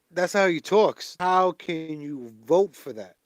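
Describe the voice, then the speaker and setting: A man venting in a political vlog, animated and repetitive, stumbling into restarts as he rants. His voice sits a little high and the recording is dry and close. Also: takes it slowly, dry recording. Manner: animated, ranting, many "like" fillers and restarts. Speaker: vlogger. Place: home in Pennsylvania.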